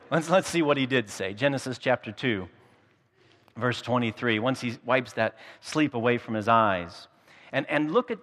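A man's voice: mid-range voice, a bit bright. A man pastor delivering a sermon in a storytelling, humorous way, often repeating his words as he goes. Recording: long hall reverb.

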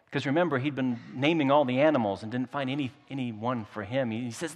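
A man's voice: medium pitch, fast talker, few pauses. A man pastor delivering a sermon in a storytelling, humorous way, often repeating his words as he goes. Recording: long hall reverb.

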